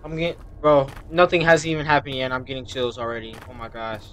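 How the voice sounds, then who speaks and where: A young man streaming a horror game, talking casually and nervously, repeating himself and yelping high when scared. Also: flat delivery, fast, a bit bright, a little hiss or hum. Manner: casual slang, says "bro". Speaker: gaming streamer. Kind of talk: horror game let's-play commentary.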